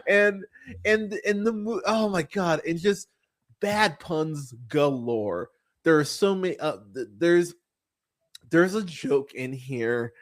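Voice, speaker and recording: A man's voice: a little high, takes it slowly. Rambling, profane man reviewing movies. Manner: rambling, profane, laughing often, swooping into mocking voices. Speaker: podcast host. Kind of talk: casual movie review chat.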